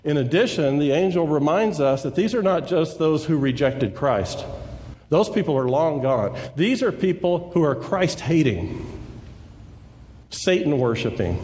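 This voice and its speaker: A man's voice: on the high side, a little mellow, big-room sound. A man preaching a sermon, earnestly explaining and reading scripture aloud. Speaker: pastor.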